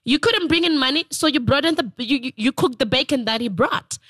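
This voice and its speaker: A woman's voice: sits high, expressive, brisk, fairly bright tone, dry recording. A woman co-hosting a casual podcast chat, playful and teasing, laughing often. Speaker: co-host.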